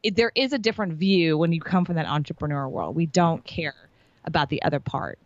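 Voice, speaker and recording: Woman business coach, lowish voice, bubbly and emphatic, dry lo-fi sound. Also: lively intonation, brisk, dry recording. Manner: bubbly, emphatic, acts out others' lines. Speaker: sales and marketing coach, guest. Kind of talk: animated interview storytelling.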